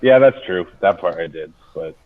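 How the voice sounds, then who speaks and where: A man's voice: low-pitched, lively intonation, normal speed. A young man playing a tabletop game, laid-back and laughing often. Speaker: player. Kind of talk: casual chat at a game table. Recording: dull lo-fi recording.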